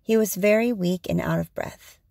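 A woman reading a storybook aloud in a slow, measured way. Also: mid-range voice, vocal fry, a little mellow, no echo, studio quality.

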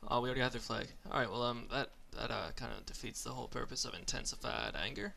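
A young man calls out his gameplay in an excitable, profane stream of commentary. His voice is bright and forceful with a gravelly edge, and his pitch leaps around constantly. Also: fast talker. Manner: excitable, loud and profane, shouting at other players. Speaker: gamer doing commentary.

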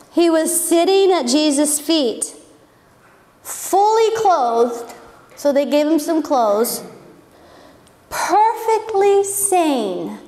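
A woman's voice: high-pitched, a little mellow, in a large hall. A woman teaching a Bible story as a sermon, telling it with animation and acting out what the people said.

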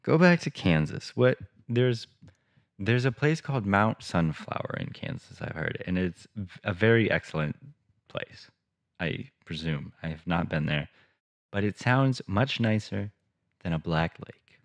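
A man reading a children's story aloud and breaking in with sarcastic, deadpan asides. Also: low-pitched, measured pace. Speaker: reader and host. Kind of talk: audiobook reading with sarcastic commentary.

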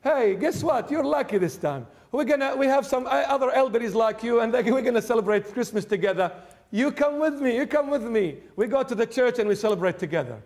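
A kind, eager priest who speaks quickly and comfortingly, as a preacher plays him in his story. His voice sits high and lifts brightly as he reassures. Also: animated. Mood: reassuring. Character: kind, reassuring middle-aged male priest.

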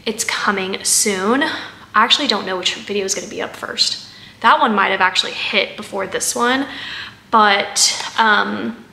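A woman's voice: medium pitch, vocal fry, sharp tone, echoey room. A woman chatting casually through a haul vlog, rambling with fillers and asides as she sorts items. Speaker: haul vlogger.

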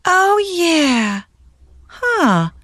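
Textbook audio: a mother, high expressive voice, slow and clear, dry recording. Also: full character voice. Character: mother searching for her things. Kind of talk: textbook listening dialogue.

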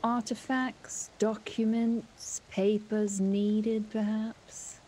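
A woman's voice: medium pitch, little pitch movement, mellow, slight background noise, low-quality recording. Woman doing a cagey female forger. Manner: hesitant, measured, evasive.

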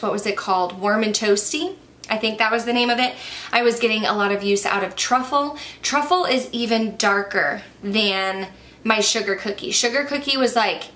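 A woman's voice: medium pitch, fairly bright tone. A young woman chatting casually and enthusiastically through a makeup review, a little out of breath. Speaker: beauty vlogger.

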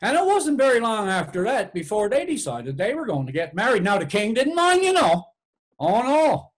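Newfoundland guy telling an old folk tale, folksy and singsong, fairly high voice, lots of ups and downs. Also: huge pitch swings, normal speed. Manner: folksy, rhythmic, repeats "she said" and "sure enough". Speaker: storyteller.

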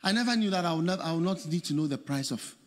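A man preaching a sermon as pastor, swinging between shouted, sung phrases and quiet storytelling. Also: a little high, quick pace, in a large hall. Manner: animated preaching, shouting and laughing.

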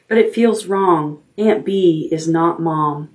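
Librarian lady reading a bedtime chapter book, lowish calm voice. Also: a little slow, hardly any pauses.

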